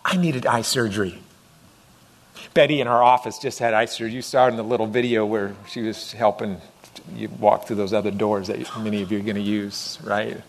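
A man's voice: on the low side, steady tone, fairly quick. A middle-aged man preaching a sermon as pastor, conversational and acting out voices as he goes. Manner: conversational, acts out voices with rising intensity.

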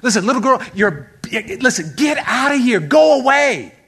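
A man's voice: very high voice, very animated, moderate pace, a bit bright, breathy edge, voice pushed up, heavily acted. A man voicing an exasperated apostle telling a pest to go away. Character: exasperated apostle losing patience.

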